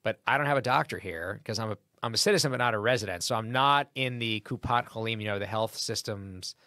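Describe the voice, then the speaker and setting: A comedian in a podcast interview, telling a story in a lively, casual way and acting out what people said. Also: male voice, on the low side, fast, dry recording, clean studio sound. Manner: animated anecdote with acted-out quotes. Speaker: comedian guest.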